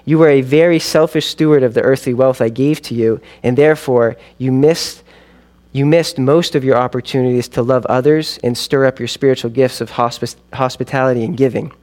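A man voicing Jesus as a solemn, grave male judge, speaking in an earnest, measured way. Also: medium pitch, fairly even intonation, darkish tone, lightly acted.

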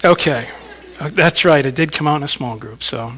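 A man's voice: on the high side, normal speed, pushed and bright, some chatter behind. Man preaching with conversational emphasis. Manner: conversational preaching, asides to the congregation, emphatic scripture reading. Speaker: pastor. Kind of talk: sermon.

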